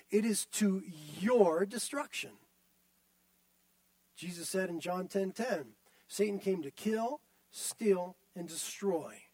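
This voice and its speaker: High-voiced man preaching emphatically. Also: darkish tone, no room sound. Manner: emphatic, repetitive preaching with direct address. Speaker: pastor. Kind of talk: sermon.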